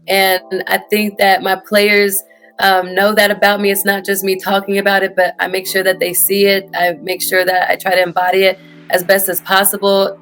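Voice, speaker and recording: A woman in her thirties with a Houston accent and a slightly bright voice answers interview questions earnestly. She coaches high school tennis and sprinkles her answers with plenty of "you know"s and "um"s.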